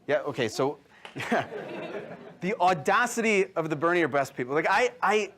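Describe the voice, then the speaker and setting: A man's voice: on the high side, expressive, moderate pace, a bit bright, slight background noise. A man in his thirties doing a stand-up comedy set before a live audience, telling stories with quoted voices and asides to the crowd. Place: live venue with audience laughter.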